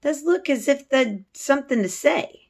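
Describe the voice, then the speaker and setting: A jumpy young housemaid, as a woman puts her on for a storybook reading. She speaks in a high, loud, pleading voice that leaps about in pitch. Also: animated, moderate pace, gravelly. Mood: curious.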